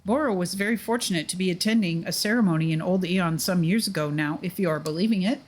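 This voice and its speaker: A woman's voice: fairly low pitch, quick pace, close to an everyday voice. A woman reading the lines of a kindly, formal male forest dweller who calls himself by name. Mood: wondering.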